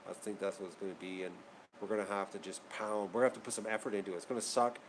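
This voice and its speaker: A man's voice: fairly low pitch, fairly even intonation, rapid-fire, slight background noise. Rambling, worked-up male vlogger. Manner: rambling and repetitive, getting worked up. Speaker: channel host. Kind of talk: casual vlog chat to viewers.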